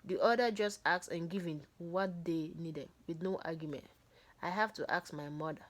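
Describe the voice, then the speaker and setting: A woman's voice: lowish voice, normal speed. Woman reading a book aloud. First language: not English. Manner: breaks off reading to comment and joke. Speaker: book reader.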